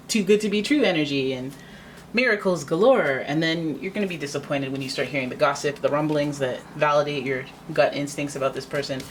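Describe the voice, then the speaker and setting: A woman's voice: low voice, a little hiss or hum. A woman giving a casual tarot reading, chatty and dramatic, slipping into playful acted-out voices. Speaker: tarot reader.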